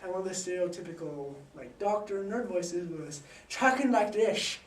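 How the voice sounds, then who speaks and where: Teen guy rambling casually on a radio show, high voice, echoey room, mic kinda far. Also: animated, normal speed. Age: teens. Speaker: student guest. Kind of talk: casual chat. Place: radio studio. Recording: echoey room, distant mic, faint noise.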